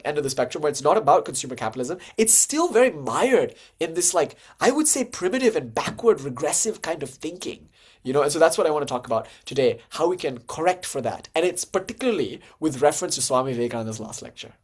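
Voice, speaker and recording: A man giving an informal lecture on Hindu philosophy. He talks in a conversational way, full of "like" and "you know" fillers. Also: medium pitch. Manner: animated, jumps to lively acted-out dialogue.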